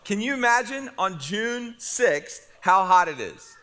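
A middle-aged man preaching to his congregation, telling a funny story with energy. His voice sits high and rings out bright and forceful. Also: a little slow, a little hiss or hum. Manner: animated storytelling with humor. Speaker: pastor. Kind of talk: sermon.

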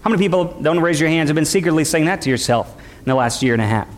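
A man's voice: a little high, quick pace. A man preaching a sermon as pastor, acting out the voices of the people he describes and calling for responses from the congregation. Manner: preaching, acts out quoted voices, calls for audience response.

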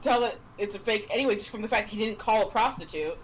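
A woman's voice: medium pitch, fast, a loud crowd. A woman co-hosting a casual podcast who trades dry, sarcastic quips. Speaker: podcast co-host. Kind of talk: casual chat. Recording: noisy recording.

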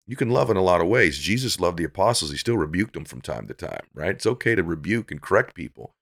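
A man's voice: low-pitched, big pitch swings, fast talker, vocal fry, fairly bright tone. A middle-aged man speaking as a podcast guest, giving earnest, preachy motivational talk that builds to emphatic peaks.

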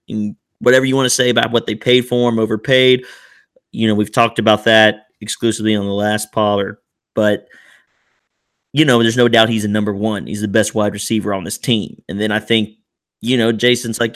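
A man co-hosting a sports podcast in casual chat, excitable and quick to laugh, talking in loose run-on bursts. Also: fairly low pitch, dry recording, studio quality. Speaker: podcast co-host.

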